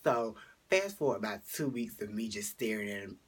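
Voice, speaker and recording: A teenage boy vlogger chatting through a storytime, rambling with fillers, jumping high for quoted lines and dropping to whispers. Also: lively intonation, normal speed, husky. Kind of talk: casual storytime vlog.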